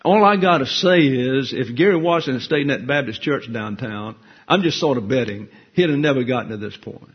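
Husky man preaching folksy sermon. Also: mid-range voice, animated, fairly quick, hardly any pauses, muffled recording. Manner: humorous, conversational, self-deprecating asides. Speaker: pastor teacher.

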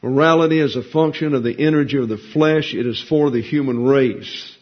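A man's voice: mid-range voice, a little fast, slightly rough. A man preaching a sermon in a folksy, conversational way, asking rhetorical questions and answering them. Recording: dull lo-fi recording.

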